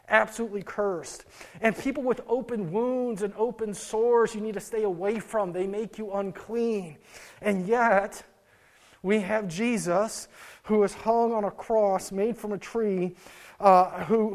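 Young guy pastor preaching, kinda high voice, restarts a lot mid-story. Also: a little mellow. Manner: earnest storytelling with frequent restarts. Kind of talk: sermon.

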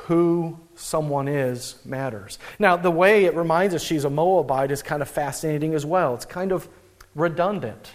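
A young adult man, a pastor, giving a conversational, animated sermon with frequent restarts. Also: a little high, normal speed.

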